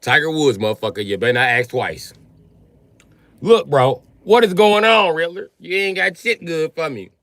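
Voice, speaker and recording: A man ranting on a comedic live stream, loud, profane and animated, often breaking into shouts. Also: a little high, normal speed, dry recording.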